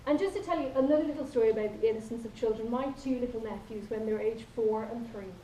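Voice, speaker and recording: A woman's voice: on the high side, fast talker, warm tone, a little hiss or hum. A woman with an Irish accent giving a humorous contest speech, telling playful stories and acting out quoted lines. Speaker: contest speaker. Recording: echoey hall from far off.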